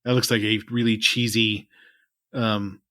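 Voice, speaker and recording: A man's voice: lowish voice, flat delivery, a little slow, fairly bright tone, dry recording, studio quality. A man co-hosting a podcast, chatting casually with a rambling, laid-back manner that trails off at the ends of lines. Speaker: podcast co-host. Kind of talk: casual chat.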